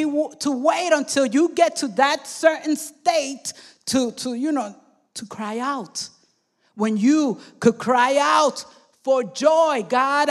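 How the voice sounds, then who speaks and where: A woman preaching a sermon with fervor, often calling out to her congregation and at times shouting. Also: sits high. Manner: fervent, calls out "come on" and "amen" to the congregation, sometimes shouting.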